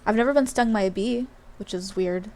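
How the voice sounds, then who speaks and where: A woman's voice: mid-range voice, a little fast, a little mellow. Chatty woman streamer from Australia. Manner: rambling, chatty, with many fillers and asides. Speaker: game streamer. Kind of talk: casual live-stream chat while gaming.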